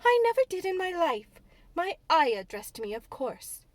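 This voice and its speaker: Woman putting on a haughty little girl, imperious, disdainful, high and sharp, dry close sound. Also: big pitch swings, measured pace, dry recording, exaggerated voice. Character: spoiled imperious little English girl, haughty and quick-tempered.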